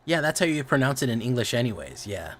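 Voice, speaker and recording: A man's voice: mid-range voice, big pitch swings, fast talker. A man streaming, chatting casually, rambling and often correcting himself, with a lot of swearing.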